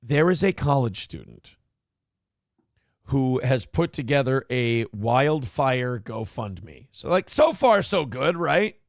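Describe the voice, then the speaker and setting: Male morning show host, profane ranter, lively swinging pitch, close dry mic. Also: slow pace, creaky, dry recording. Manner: profane, exasperated, ranting. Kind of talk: casual talk show rant.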